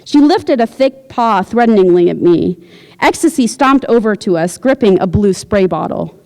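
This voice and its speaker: A woman reading her own fiction aloud at a university, with a wry, deadpan delivery. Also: medium pitch, moderate pace, long reverb tail. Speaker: visiting writer. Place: university lecture hall.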